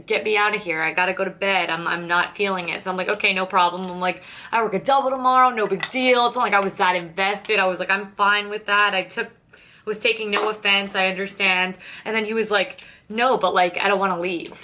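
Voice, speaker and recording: A woman's voice: mid-range voice, steady tone, brisk, bright, forceful tone, a little hiss or hum. A young woman chatting to camera as a beauty vlogger while doing her makeup, telling a dating story in a candid, sarcastic way, swearing freely and acting out both sides of the conversation. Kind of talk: casual chatty get-ready-with-me storytelling.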